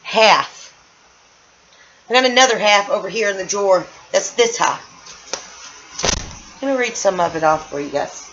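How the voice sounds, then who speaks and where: An American woman vents angrily in a personal vlog recorded in a room at home. Her medium-pitched, slightly bright voice has lively intonation and a moderate pace with frequent pauses, on lo-fi audio with slight background noise. She stumbles over words and repeats herself, sounding a little loopy in this emotional rant.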